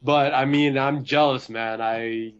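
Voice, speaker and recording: A young man who is a podcast guest, talking in a relaxed, easygoing way with plenty of hesitations. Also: medium pitch, takes it slowly, smooth. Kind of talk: casual chat. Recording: slightly dull, lo-fi sound.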